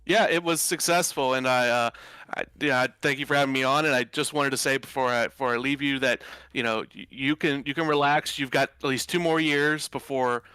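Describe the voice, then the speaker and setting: Male candidate guest, bright and earnest, dry close sound. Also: mid-range voice, steady tone, brisk, clean tone, no echo. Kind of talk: interview.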